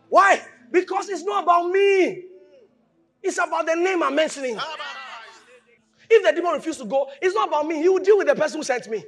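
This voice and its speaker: High-voiced shouting preacher. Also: male voice, brisk, long pauses, soft background music. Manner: animated preaching with shouts, mimicry and laughter. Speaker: pastor. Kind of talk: sermon.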